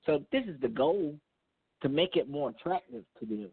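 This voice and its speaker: Brief: earnest male guest, mid-pitched, sermon-like conviction, dry tinny phone audio. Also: expressive, normal speed, husky, no room sound. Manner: earnest, preachy, faith-driven. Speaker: married guest. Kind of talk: casual chat.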